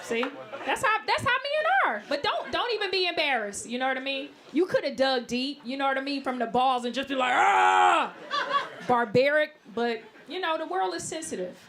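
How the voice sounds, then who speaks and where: A woman doing a brash, animated stand-up set in a live club, laughing at her own jokes. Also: high voice, a little fast, hardly any pauses. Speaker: stand-up comedian. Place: live comedy club, New York. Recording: loud noise on a live club recording.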